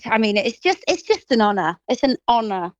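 A woman in her thirties with a Grimsby accent chats quickly and laughs often. She sits a touch high in pitch and sounds close and dry on the mic. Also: big pitch swings, no echo, low-quality recording. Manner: chatty, quick, laughs often, slips into quoted voices. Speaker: actress, interview guest. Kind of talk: casual interview chat.

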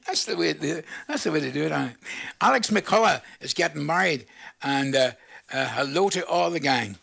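A man in his seventies with a Northern Irish accent, presenting a radio show in casual, jokey, rambling chat full of shout-outs to listeners. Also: a little high, expressive, moderate pace, gravelly. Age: 70s.

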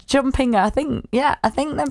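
A woman's voice: high voice, moderate pace, vocal fry, a little mellow, no echo, studio quality. A woman hosting a show, chatting casually and teasing her co-hosts, laughing often. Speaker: radio show host. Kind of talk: casual chat.

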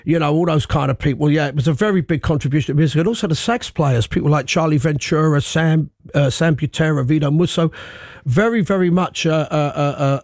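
Man, 60s, West London accent, talkative guest, fairly high-pitched, laughs a lot, dry close recording. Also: fairly quick, darkish tone, no room sound. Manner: chatty storyteller, laughs often, stumbles and restarts. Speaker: musician guest. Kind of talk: casual interview chat.

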